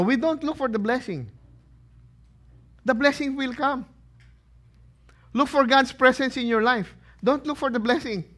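A pastor preaches with a high, ringing voice. He keeps tossing questions to his listeners and punching out the answers himself, with plenty of emphasis. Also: fairly bright tone. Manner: asks the congregation questions and answers them. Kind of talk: sermon.

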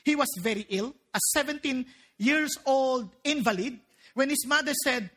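Woman preacher: high, bright voice, lively and playful from the pulpit. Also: normal speed. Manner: animated and joking, mixing in local phrases. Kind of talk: sermon.

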